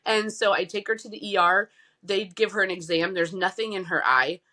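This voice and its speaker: A woman founder of a nonprofit, telling a personal story in a casual interview, animated and acting out the voices she quotes. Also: medium pitch, normal speed. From United States.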